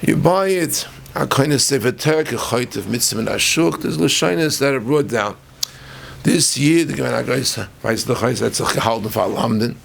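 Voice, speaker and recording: Gravelly rabbi teaching a Talmud class. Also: male voice, mid-range voice, a little hiss or hum. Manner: Yiddish-flavored English, quick back-and-forth with students, learned terms.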